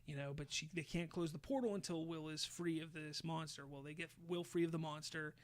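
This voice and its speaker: A man hosting a podcast, casually retelling a show's plot with lively, swear-laden storytelling. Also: a little high, brisk. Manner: animated storyteller, swears freely, acts out quotes. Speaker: podcast host.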